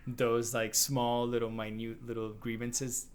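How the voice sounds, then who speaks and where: A man co-hosting a casual video game podcast, gushing and animated, often laughing. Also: mid-range voice, unhurried, smooth. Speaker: podcast co-host. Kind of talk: casual game review chat.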